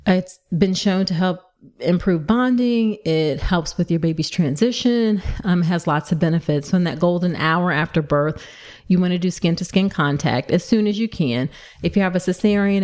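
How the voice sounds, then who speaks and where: A woman obstetrician hosting a solo podcast, talking fast and excitedly as she gives advice to listeners. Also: lowish voice. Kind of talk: solo educational podcast talk.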